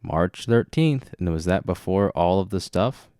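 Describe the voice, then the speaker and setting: A man's voice: deep voice, expressive, a little slow, dark tone, clear, resonant tone, no echo, studio quality. A man hosting a podcast, talking alone in a rambling, self-mocking way and sounding tired. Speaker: podcast host. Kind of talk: casual solo monologue.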